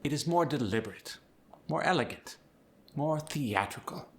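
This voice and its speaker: A man voicing a refined, formal old-Hollywood gentleman with a Transatlantic accent, speaking calmly with crisp, deliberate diction. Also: mid-range voice, pitched above the performer's own voice, lightly acted. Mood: poised, formal. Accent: Transatlantic (Mid-Atlantic). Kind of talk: theatrical accent demonstration.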